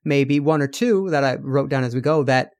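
A man's voice: mid-range voice, moderate pace. A man co-hosting a film podcast, chatting casually and swearing freely as he tells stories. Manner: swears freely, animated storytelling. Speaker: podcast co-host. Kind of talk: casual chat.

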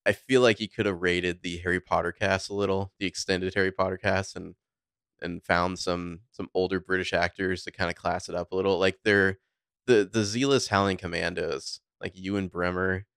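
Casting: man, very low smooth voice, dry close mic, chatty film critic. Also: level tone, normal speed, a bit bright, dry recording. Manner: rambling, filler-heavy, opinionated. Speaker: podcast co-host. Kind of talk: casual movie review chat.

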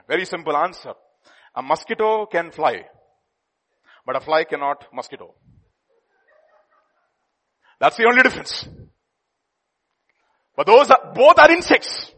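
A husky male preacher with a fairly high voice that rises and falls widely. He tells a story in a playful, lively way and laughs easily. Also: normal speed, pauses often. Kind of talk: sermon with storytelling.

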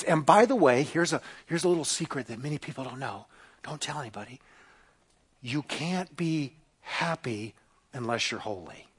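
A middle-aged male pastor preaching a sermon, emphatic and given to repeating his key lines. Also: high voice.

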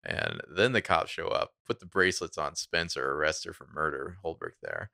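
Deep, gravelly man in a casual recap chat. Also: wildly swooping pitch, normal speed, bright, forceful tone, no echo, clean studio sound. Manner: laid-back, chatty, with frequent laughs. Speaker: podcast co-host recapping a TV episode.

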